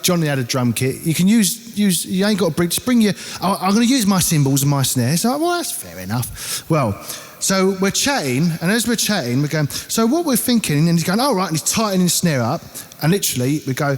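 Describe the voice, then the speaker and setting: A man with an Essex accent and a notably high voice spins an animated, salty anecdote about band life. The sound carries a lingering reverb from the room. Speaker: band member. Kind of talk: casual storytelling.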